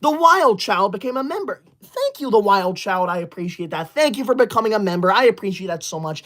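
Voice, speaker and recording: A woman's voice: mid-range voice, sing-song, brisk, a bit bright. A woman livestreamer chatting with viewers, scolding them in a mock-indignant, theatrical huff.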